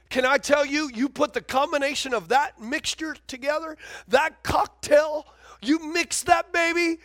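A male pastor preaching a lively sermon, often stopping to call out to his congregation for answers. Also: very high-pitched, dry recording, clean studio sound. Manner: animated preaching, calls for congregation response.

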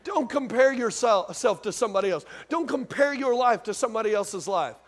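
A man's voice: very high-pitched, animated, brisk. A man preaching a sermon in a conversational way, repeating phrases and asking the congregation questions. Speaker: pastor.

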